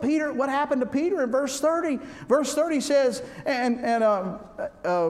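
A man preaching a humorous sermon, folksy and joking, swinging between loud and soft. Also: very high-pitched, moderate pace, few pauses. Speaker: pastor. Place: church sanctuary. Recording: reverberant hall with faint background noise.

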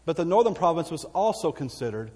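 A man's voice: on the high side, very animated, quick pace, a little mellow, breathy edge. A man with a Texan accent preaching a sermon as pastor, folksy and conversational, asking the congregation for amens. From Texas. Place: church sanctuary. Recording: long church hall reverb.

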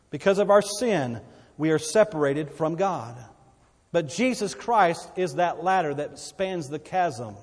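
Man, sermon, fairly high voice, rising and falling volume, echoing hall. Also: darkish tone, husky. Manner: preaching with repetitions and swells of volume. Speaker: pastor.

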